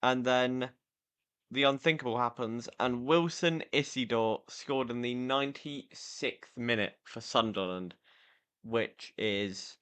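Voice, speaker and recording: A tired man talks football in a loose, rambling way, with lots of fillers and self-corrections. His pitch sits right in the middle for a man. He gives his opinions bluntly as the host of a casual chat show. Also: fairly bright tone, clean tone. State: tired, yawning. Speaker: podcast host.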